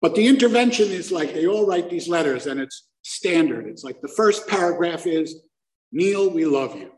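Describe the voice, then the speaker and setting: A man's voice: high-pitched, animated, moderate pace, rough recording. Self-mocking male storyteller. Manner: conversational, self-mocking, acts out quoted voices. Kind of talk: live personal storytelling.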